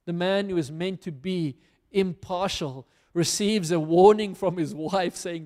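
A man's voice: sits high, moderate pace, darkish tone, big-room sound. A man preaching a sermon as a pastor, reading scripture aloud and then applying it earnestly to his listeners.

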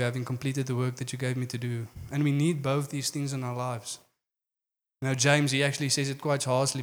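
A man's voice: medium pitch, big-room sound. A man preaching a sermon in an earnest manner, often saying "you know".

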